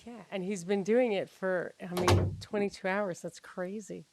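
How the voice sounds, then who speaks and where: Woman guest calling in by video, mid-pitched, playful and teasing. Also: fairly even intonation, moderate pace, heavy background noise. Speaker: remote podcast guest. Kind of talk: casual chat over a video call. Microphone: video call.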